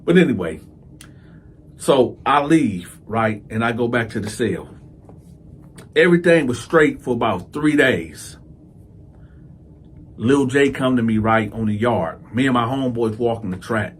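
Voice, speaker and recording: Animated man telling a prison story. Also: medium pitch, measured pace, pauses often, a little hiss or hum. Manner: animated, repeats key lines, addresses listeners directly. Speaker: storyteller and show host.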